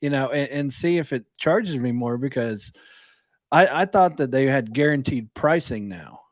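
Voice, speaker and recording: A man's voice: medium pitch, lively intonation, normal speed, dry recording. Rambling man on dry close audio. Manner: rambling, full of "you know" and restarts, questioning. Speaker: podcast co-host. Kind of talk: casual chat.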